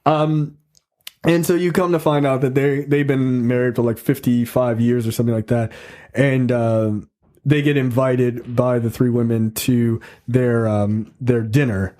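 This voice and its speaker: A man's voice: medium pitch, steady tone, unhurried, mellow. A man co-hosting a casual movie review podcast, recapping scenes with loose, profane humor. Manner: profane, summarizing scenes with acted-out quotes. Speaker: podcast co-host.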